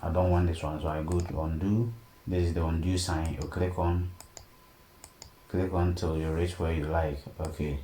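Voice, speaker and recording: A man teaching a design software tutorial step by step and often checking in with "okay?". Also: sits low, moderate pace. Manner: steady step-by-step explaining, frequent "okay?" check-ins. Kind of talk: screen-recorded tutorial narration. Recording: echoey room, faint background noise.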